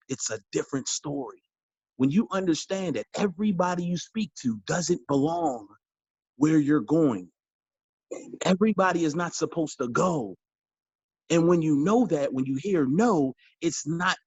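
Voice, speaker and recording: A man's voice: fairly high pitch, breathy edge, dry recording. A man coaching a sales team in a motivational training talk, emphatic and preachy, repeating his key lines and calling his listeners y'all. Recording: dull, dry lo-fi audio.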